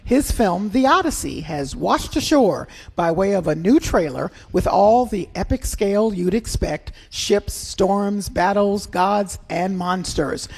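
Female radio host, gravelly fry, husky, dry wit. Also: medium pitch, lively intonation, measured pace, hardly any pauses, darkish tone. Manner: wry, laughing asides. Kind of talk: radio arts and culture chat.

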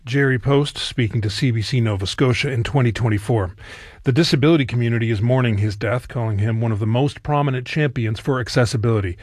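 A man presenting a news item on the radio in a measured, formal scripted read. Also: mid-range voice, no room sound, clean studio sound. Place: radio studio.

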